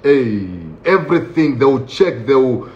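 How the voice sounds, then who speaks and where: A man casually telling a story about his own experience, lively and laughing often, acting out the voices of the people in it. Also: mid-range voice, measured pace. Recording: roomy, dull lo-fi sound with faint ambience.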